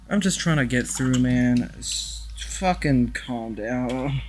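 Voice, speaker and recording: A man's voice: medium pitch, a little slow, a bit bright, a little hiss or hum. A young man giving rambling, casual commentary while playing a VR game, swearing and talking to the characters on a headset mic. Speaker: gaming YouTuber.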